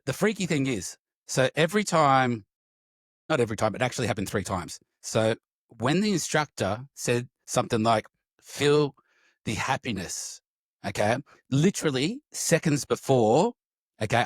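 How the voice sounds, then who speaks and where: A man hosting a podcast and telling a story candidly, with a lively, unfiltered manner and a casual swear here and there. His voice sits at an ordinary middle pitch and is recorded close and dry, with no room sound. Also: no room sound. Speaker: podcast host.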